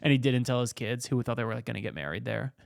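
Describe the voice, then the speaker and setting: Jokey, excitable gravelly-voiced male host. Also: medium pitch, fast, no room sound, clean studio sound. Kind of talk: comedic casual commentary.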